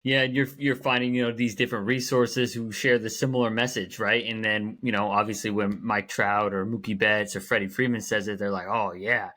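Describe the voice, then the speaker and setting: Low-voiced man hosting a podcast. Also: little pitch movement, brisk, few pauses, pushed and bright. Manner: rambling questions with many fillers, laughs along. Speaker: podcast host. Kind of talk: podcast interview.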